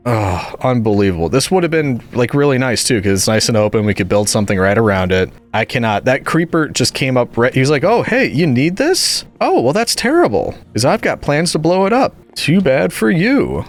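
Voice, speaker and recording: A man giving casual gameplay commentary as host, chatty and talking back to the monsters he meets. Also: on the low side. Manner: chatty, talks back to the monsters, swings between calm and exasperated. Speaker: gaming video host.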